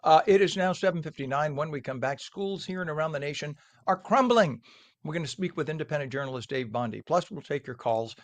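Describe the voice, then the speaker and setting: A man's voice: a little high, animated, brisk. A man hosting a live morning TV show, chatty and jokey, tasting food as he talks. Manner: chatty, jokey, talking with his mouth full.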